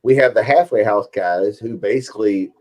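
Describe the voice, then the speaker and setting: A man's voice: fairly low pitch, normal speed, darkish tone. Casual man, chatty with fillers. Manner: chatty, filler-heavy, agreeable. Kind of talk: casual chat.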